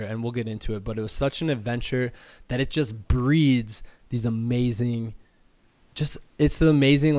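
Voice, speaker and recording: A young man hosting a podcast, hoarse from a cold, chatting in a rambling, upbeat way with lots of fillers. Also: mid-range voice, darkish tone, no room sound. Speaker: podcast host. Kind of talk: casual podcast chat.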